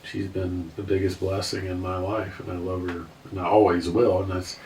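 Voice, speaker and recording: A man's voice: low voice, little pitch movement, moderate pace, darkish tone. A man in his fifties, a podcast guest telling a heartfelt personal story, talking earnestly and often restarting his sentences. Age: 50s. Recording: roomy, distant mic with faint noise.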